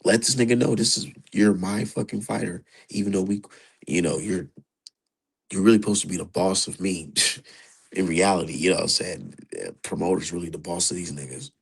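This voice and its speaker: A man's voice: sits low, moderate pace, creaky, breathy edge, low-quality recording. A man streaming live, giving casual, profane commentary and talking straight to his chat. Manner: profane, animated, talks to chat.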